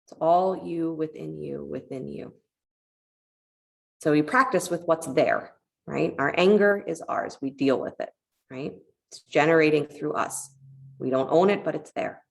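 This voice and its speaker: Low, gravelly-voiced woman yoga teacher. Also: unhurried. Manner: calm, encouraging cueing with a parable told in between. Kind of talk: guiding a yoga class.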